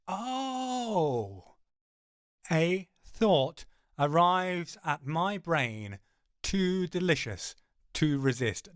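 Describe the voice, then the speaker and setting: Brief: man, first-person audiobook narration, unhurried and dramatic, crisp voice on a dry studio mic. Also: fairly high pitch, a bit bright, no echo. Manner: dramatic, wry, slows for emphasis.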